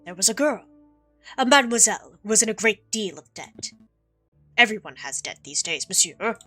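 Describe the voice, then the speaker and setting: Sly fox con man, silky and theatrical, bright tone, read by a woman. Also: mid-range voice, sing-song, moderate pace, slightly rough, faint music behind, exaggerated voice. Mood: storytelling. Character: sly smooth-talking male fox con artist. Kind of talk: reading game dialogue aloud.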